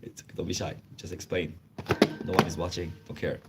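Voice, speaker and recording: A man's voice: low-pitched, level tone, loud music behind the voice. Man hosting a chatty livestream. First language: Chinese. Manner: halting non-native English, chatty, laughs often. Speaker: livestream host. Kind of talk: casual livestream chat.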